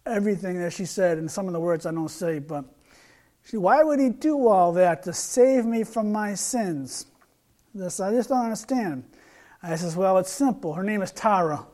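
Male street preacher, high voice, earnest, repeats himself while reading scripture. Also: unhurried, a little mellow. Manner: earnest, repeats words and restarts, reads scripture aloud. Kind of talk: sermon with retold street conversation.

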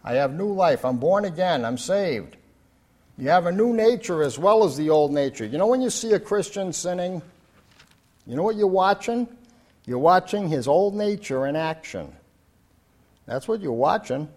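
A man's voice: a little high, animated, normal speed, a little mellow. Earnest older man preaching a sermon. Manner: earnest, repetitive, rising to emphatic declarations.

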